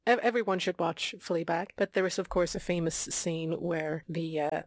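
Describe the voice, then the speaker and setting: A young woman co-hosting a casual chat, playful, with quick reactions and short stories. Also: lowish voice, no room sound, studio quality.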